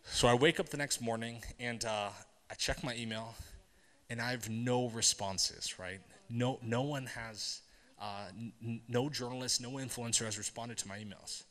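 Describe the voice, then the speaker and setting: A man with a mid-range voice tells stories from the stage of a tech event. He talks to the audience conversationally, asks them questions and checks in with a quick "right?". The sound carries a long hall reverb. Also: medium pitch, fairly even intonation, a bit bright. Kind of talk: storytelling conference talk.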